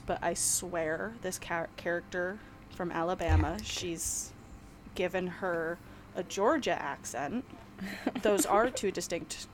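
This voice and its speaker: A woman's voice: on the low side, a little hiss or hum. A woman from New York, co-hosting a podcast in casual chat, rambling and laughing often. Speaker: podcast co-host.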